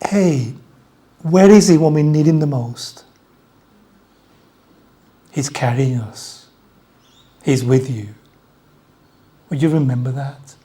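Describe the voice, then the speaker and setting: An Australian preacher delivers an Easter sermon in a church, taking each phrase slowly and deliberately. The talk is conversational, with key lines repeated for emphasis and easy back-and-forth with the congregation. The pitch sits in a middle range. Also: dark tone, breathy edge.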